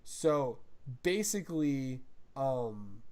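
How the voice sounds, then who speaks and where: A man's voice: medium pitch, very animated, very slow, darkish tone. A young man hosting a casual podcast chat, rambling, swearing freely and breaking into impressions. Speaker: podcast host.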